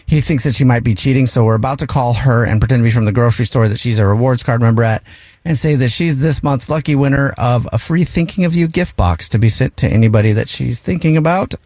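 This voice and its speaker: A man's voice: mid-range voice, fast talker, a little mellow, no echo. Upbeat male radio host. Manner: upbeat, laughs easily. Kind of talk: radio talk show hosting.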